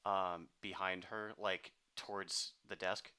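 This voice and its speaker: A man's voice: low voice, flat delivery, slow pace, pushed and bright, smooth. A man playing a tabletop game, talking through his moves in a laid-back, casual way. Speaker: player.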